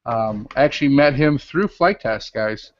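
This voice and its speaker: A man hosts a casual online chat from his home garage, rambling along with plenty of ums and uhs. His voice is middling in pitch. The sound is dry and dull, like a cheap webcast mic. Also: animated, normal speed, no room sound. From Illinois. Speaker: host. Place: home garage with door open.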